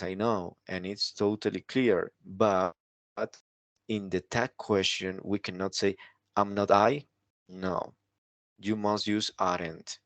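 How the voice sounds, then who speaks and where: Guy teaching grammar, slowish, kinda low gravelly voice, keeps saying right? to check you got it. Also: a bit bright, no echo. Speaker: English teacher. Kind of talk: recorded grammar lesson.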